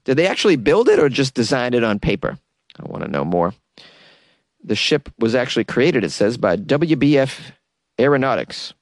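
Man, comedy news host; lively, sarcastic riffing, dry close sound. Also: a little high, no echo. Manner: sarcastic, riffing, laughs at own jokes.

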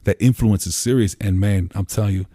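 In a home room, a Pennsylvania man on a podcast rambles through stories with frequent "you know"s and casual profanity. His dark voice is on the low side, fairly quick and fairly even, with clean, echo-free studio sound.

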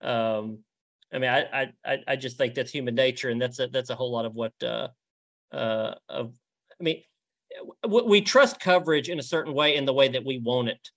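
A man with a Southern US accent and a mid-range, slightly bright voice talks at normal speed. He's a reporter appearing as a guest in a casual interview, stammering through many restarts and fillers.

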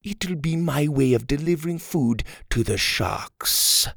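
A teasing, menacing grown man who toys with children, gravelly and rough at the edges, his voice rising and swooping as he gloats, put on by a storyteller. The sound is dry and close. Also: mid-range voice, big pitch swings, unhurried, no echo, exaggerated voice. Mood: threatening. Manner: teasing, then threatening. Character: playful menacing Nigerian man, villain.

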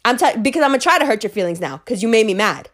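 A woman getting over the flu, talking to her viewers about astrology in a blunt, profane, animated ramble. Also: on the high side, very fast. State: recovering from flu, voice a bit off. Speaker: astrology content creator. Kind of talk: casual rambling monologue to viewers.

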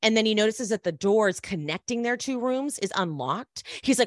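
A woman's voice: fairly high pitch, moderate pace, hardly any pauses, no room sound, clean studio sound. A woman podcast host casually recapping a TV show, animatedly acting out the characters' lines. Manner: animated, acts out quoted characters.

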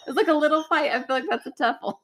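A woman's voice: high-pitched, very fast. A woman co-hosting a podcast, telling a story in casual chat, laughing often and acting out quotes. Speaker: podcast co-host.

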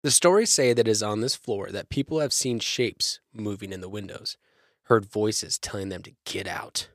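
Reading research notes with comedic banter, this young male co-host keeps a steady delivery but breaks into joking voices now and then. His pitch is fairly low and his pace moderate, captured in a dry, clean studio recording.

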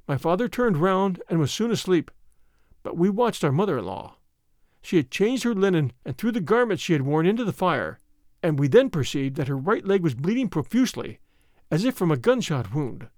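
A man narrating a classic tale as an audiobook reading, in an expressive, dramatic manner. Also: high-pitched, moderate pace, no room sound, clean studio sound.

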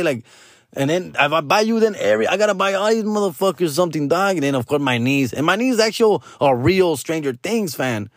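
This middle-aged podcast host sounds animated and fairly quick, captured in studio quality without room sound. Telling his story, he's profane and slangy, drops in Spanish phrases, and switches to loud, squeaky mock voices for anyone he quotes.

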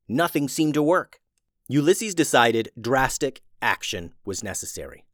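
Male storyteller, mid-pitched, expressive read, dry close recording. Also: dry recording. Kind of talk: children's storybook narration.

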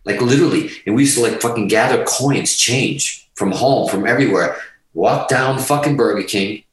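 A man's voice: medium pitch, normal speed, distant mic. A middle-aged man, telling a story in casual talk, swearing constantly and emphatically, getting emotional. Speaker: podcast guest. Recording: roomy, from off the mic.

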